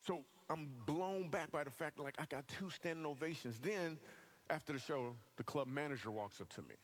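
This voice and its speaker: Animated man telling a comic church testimony. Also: on the high side, normal speed. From Michigan. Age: adult. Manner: animated storytelling, acting out other people's voices. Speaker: comedian and guest speaker. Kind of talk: comedic testimony to a church audience. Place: church hall with a live audience.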